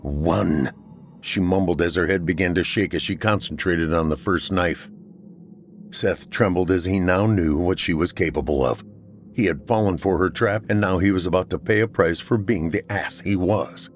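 A man narrating a horror story for a podcast in a steady storytelling manner. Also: deep voice, moderate pace, faint music behind.

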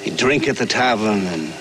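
An actor playing a camp head counselor who slowly tells a grim ghost story by the campfire, with music behind him. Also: male voice, lowish voice, expressive, poor audio. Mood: ominous. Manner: slow, ominous storytelling.

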